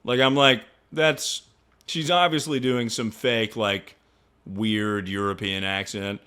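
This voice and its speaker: A man's voice: slow pace, clear, resonant tone. A young male streamer telling a story to his chat in casual talk, swearing freely and sounding incredulous. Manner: animated, incredulous, swears freely, jumps to high pitch when mocking.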